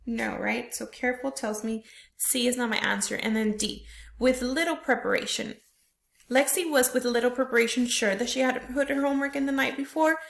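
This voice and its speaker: A woman teacher with a somewhat high voice leads a reading lesson for young children. She works through the text step by step and keeps checking in with "right?". The recording has a roomy echo. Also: steady tone, normal speed, gravelly, a bit bright. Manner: explains step by step, tags questions with "right?".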